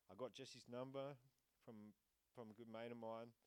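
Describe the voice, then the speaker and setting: A man's voice: mid-range voice, steady tone, normal speed, a little mellow, clear, resonant tone, no echo, poor audio. Rambling man. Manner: rambling, full of fillers and "you know". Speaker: program resident giving testimony. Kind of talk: personal testimony speech. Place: speaking in front of an audience.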